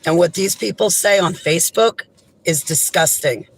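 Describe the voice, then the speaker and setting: A woman speaking straight to her viewers in an impassioned, emphatic monologue. Her indignation comes through in raised outbursts that drop into low, heavy lines. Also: moderate pace, breathy edge, poor audio. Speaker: vlogger. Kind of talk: direct-to-camera monologue.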